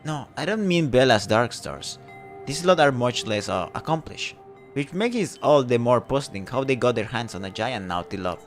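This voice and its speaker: A man voicing a flustered woman village mayor who sounds fretful, prim and high-strung. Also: big pitch swings, moderate pace, faint music behind.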